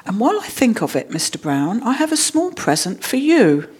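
Woman reader as gentle, grateful older man; bright, animated storybook voice. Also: fairly high pitch, normal speed, slightly rough, voice pushed up. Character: kindly, gentle older male shopkeeper.

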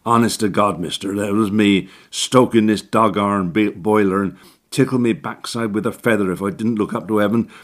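A man's voice: fairly low pitch, steady tone, moderate pace, close to an everyday voice. A man putting on a wheezy, crafty old handyman. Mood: sly. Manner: broad working-class slang, cheeky.

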